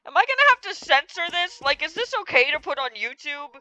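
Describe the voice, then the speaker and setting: A woman's voice: high voice, very animated, brisk, sharp tone, no echo, poor audio. A young woman playing a video game, commenting expressively and in exasperation, often breaking into laughter. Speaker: gamer. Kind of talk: let's play commentary.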